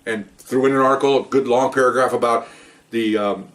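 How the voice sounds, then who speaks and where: A man's voice: mid-range voice, steady tone, a little fast, recorded from a distance. An older man, a retired police officer, telling rambling stories from the job in a casual way, with many restarts. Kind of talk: casual storytelling.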